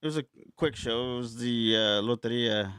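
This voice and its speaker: Comedian dude, mid pitch, short teasing quips, pretty dry mic sound. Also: male voice, moderate pace, fairly bright tone, clear, resonant tone, no echo. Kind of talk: casual comedy podcast chat.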